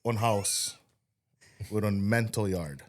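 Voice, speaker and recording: A man's voice: lowish voice, slow. A middle-aged man from Hawaii with a Pidgin-tinged accent, telling stories in casual chat and acting out the people in them. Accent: Hawaiian Pidgin-tinged English. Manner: animated, acts out voices in his stories. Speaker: podcast guest, entrepreneur.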